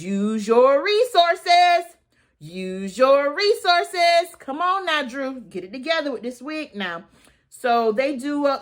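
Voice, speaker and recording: A woman in her thirties giving a casual, sassy recap of a reality show, chatty and full of slang and quick asides. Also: a little high, fairly bright tone. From United States. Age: 30s.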